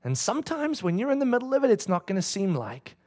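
A male pastor preaching a sermon in a church, animated and swinging from loud to hushed. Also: high-pitched, quick pace.

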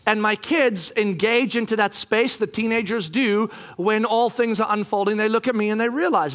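Man, middle-aged pastor, high voice, animated storytelling sermon, jokey. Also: normal speed, hardly any pauses.

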